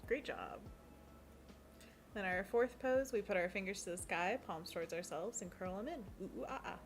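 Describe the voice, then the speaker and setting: A woman's voice: mid-range voice, moderate pace, faint music behind. A woman co-hosting a casual livestream, guiding viewers through hand stretches and reading chat with a giggly, playful manner. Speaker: co-host of an art livestream.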